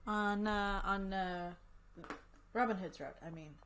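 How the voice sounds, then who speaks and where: A woman's voice: mid-range voice, takes it slowly, fairly bright tone, a little hiss or hum. A woman casually chatting as she hosts a visual novel playthrough at her desk mic, upbeat and rambling, with frequent coughs. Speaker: let's play host. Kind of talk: casual gameplay commentary. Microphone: desk microphone.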